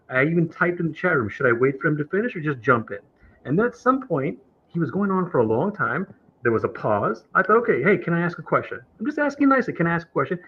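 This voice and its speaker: An aggrieved man argues on a live stream, lecturing and indignant. His pitch swings widely and his voice is a little husky. The audio is dull and lo-fi. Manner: aggrieved, lecturing, imitates others in higher voice. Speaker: caller on a streamed talk show. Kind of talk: heated debate on a live stream.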